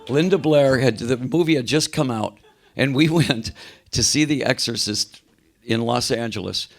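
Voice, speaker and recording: Older male rock singer, gravelly, animated storyteller on a video call. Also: mid-range voice, moderate pace. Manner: animated anecdotes, acts out quoted voices. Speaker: interview guest, rock singer. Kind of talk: casual storytelling interview.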